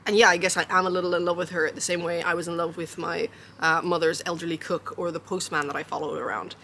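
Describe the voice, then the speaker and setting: A woman's voice: fairly low pitch, flat delivery, fast talker, sharp tone, a little hiss or hum. Chatty young woman talking about books. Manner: chatty, many fillers and "like", laughs often. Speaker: book vlogger. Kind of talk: casual book chat.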